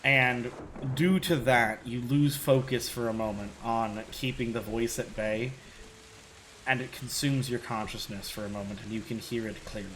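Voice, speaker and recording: Bright-voiced man running a tabletop game. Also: mid-range voice, steady tone, normal speed, a little hiss or hum, low-quality recording. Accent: Irish, put on for a character. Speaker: game master.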